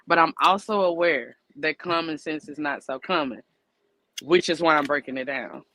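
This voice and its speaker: Blunt bright-voiced woman podcaster. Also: low-pitched, normal speed, dry recording, low-quality recording. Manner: blunt, emphatic, breaks points into numbered lists. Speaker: podcast co-host. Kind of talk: casual opinionated chat.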